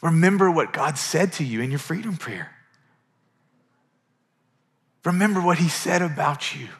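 A man's voice: a little high, animated, a little slow. A middle-aged male pastor preaching a sermon in a conversational, earnest way, often repeating words as he builds a point.

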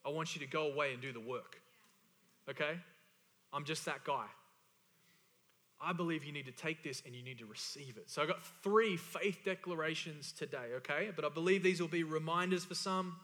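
Male pastor, high ringing voice, emphatic, repetitive sermon delivery, reverberant church hall. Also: moderate pace, a bit bright. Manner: emphatic, repeats key phrases for stress.

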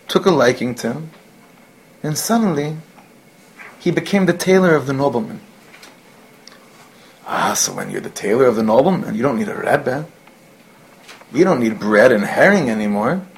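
A man's voice: on the high side, husky, low-quality recording. A man teaching a class, telling a Hasidic story mixed with Yiddish and Hebrew words and asides to his students.

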